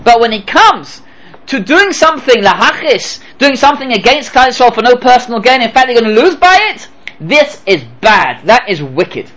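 A man giving a Torah lecture as a rabbi, animated, asking rhetorical questions and acting out little dialogues. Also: very high-pitched, moderate pace, rough recording.

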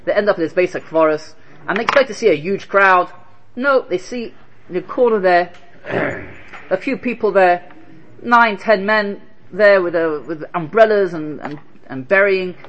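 A man giving an animated Torah lecture, firing rhetorical questions and telling stories. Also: sits high, normal speed, highs cut off, a little hiss or hum. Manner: animated, rhetorical questions, Hebrew terms woven in. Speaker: Torah teacher.

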